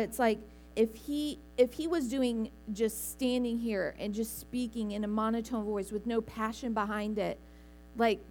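Woman preaching a sermon, slightly high voice. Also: darkish tone, a little hiss or hum. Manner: earnest, conversational preaching with small restarts. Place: church sanctuary.

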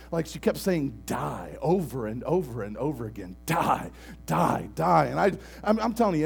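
Gravelly male pastor, whisper to shout. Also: a little high, rough recording. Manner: swings from hushed near-whisper to loud shouting. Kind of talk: sermon with a story.

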